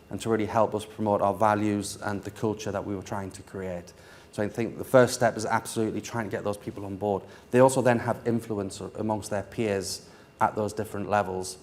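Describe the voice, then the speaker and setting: A man's voice: lowish voice, a little mellow. A man on a conference panel answering a question in a composed, matter-of-fact way.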